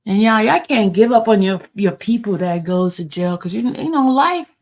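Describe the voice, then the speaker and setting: A middle-aged woman talks casually to her viewers in a heartfelt, emotional way. Her voice has a gravelly, fry-edged texture, and she calls the audience "y'all.". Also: mid-range voice, lively intonation, moderate pace, a little mellow. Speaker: livestream host.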